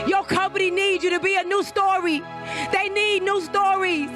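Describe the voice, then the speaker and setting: A woman motivational speaker on stage at a live event, preaching with repeated call-and-response commands. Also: very high voice.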